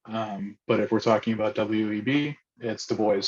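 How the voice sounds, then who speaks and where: A man's voice: fairly low pitch, steady tone, normal speed, a little mellow, muffled recording. A man facilitating an online group discussion, speaking hesitantly with many ums and restarts.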